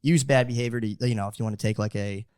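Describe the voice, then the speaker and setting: A man's voice: on the low side, steady tone, fast, darkish tone, clean tone, no room sound, studio quality. A man co-hosting a podcast in casual chat, rambling with many fillers and restarts. He says he grew up in a suburb in the United States. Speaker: podcast co-host.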